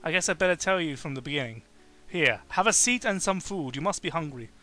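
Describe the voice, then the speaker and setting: A man's voice: fairly high pitch, lively intonation, fairly quick, sharp tone, faint music behind. A man voicing a kindly, courteous adult male caretaker in a game, speaking formally and reassuringly. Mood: welcoming. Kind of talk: reading game dialogue aloud.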